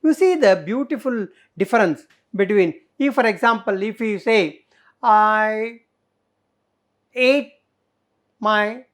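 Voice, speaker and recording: A woman's voice: mid-range voice, slow, pauses often. A middle-aged woman teacher, explaining grammar in a classroom lesson, full of fillers and rhetorical questions. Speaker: English teacher.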